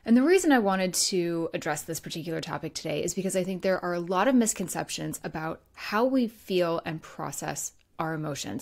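A woman in her thirties hosts a solo podcast as a grief coach. Her voice sits a little low, and she talks in an easy conversational way with fillers and soft laughs. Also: vocal fry. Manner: warm conversational, laughs lightly, many fillers.

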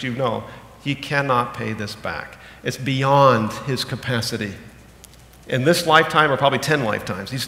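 A pastor in his thirties preaches an animated, emphatic sermon in a church sanctuary. He swings between loud, emphatic bursts and low, slow asides for key points, and the hall echoes with long reverb.

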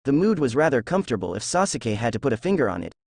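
A man's voice: mid-range voice, sing-song, racing, creaky, darkish tone, dry recording. Young man narrating a story, dry sound. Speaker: fan-fiction narrator. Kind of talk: reading a story aloud.

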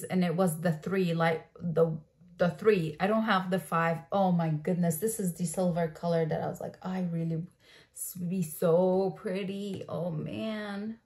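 A woman in a casual unboxing chat, talking at a moderate pitch. She gushes over each item with bubbly, excited exclamations. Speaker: beauty vlogger.

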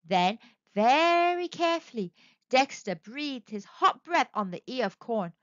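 A woman narrating a children's story aloud in an expressive, sing-song way. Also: fairly high pitch, a little slow, no room sound, dull audio.

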